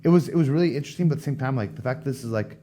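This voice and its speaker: Rapid-fire and medium-pitched, this American man in his thirties is a guest on a podcast, chatting casually as he tells a story. He's animated and performs the voices of everyone he quotes.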